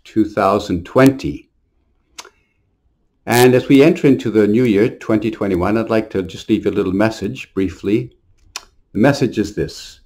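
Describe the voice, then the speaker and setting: A male priest speaks in a low, steady voice. He delivers a short New Year homily earnestly, moving into storytelling and now and then repeating a word as he goes. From Montreal.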